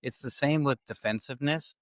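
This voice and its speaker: A man's voice: medium pitch, fairly quick, no echo. A man hosting a podcast, telling stories in a casual way and acting out the lines he quotes. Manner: animated storytelling, acting out quoted dialogue. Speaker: podcast host. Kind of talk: casual conversational podcast talk.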